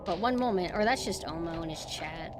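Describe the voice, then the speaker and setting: A young woman streaming a horror game, chatting casually and excitably as she plays. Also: lowish voice, brisk, music in the background. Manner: chatty, excitable, cheering her dog on. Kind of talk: casual gameplay commentary.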